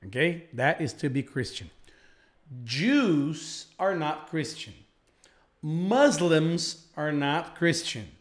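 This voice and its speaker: A man from Brazil teaching a live online English lesson, speaking slowly and repeating phrases for learners. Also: fairly high pitch, expressive.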